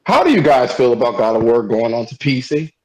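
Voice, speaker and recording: A man's voice: medium pitch, very animated, brisk, a little mellow, low-quality recording. A man hosting a casual online chat, loose and profane, laughing easily. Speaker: host.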